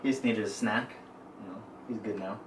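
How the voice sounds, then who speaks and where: A man's voice: on the low side, a little fast. A man co-hosting a podcast, telling a story in an easygoing, rambling way. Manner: easygoing, rambling with "you know". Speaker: podcast co-host. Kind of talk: casual storytelling chat. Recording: roomy and distant from the mic, faint noise.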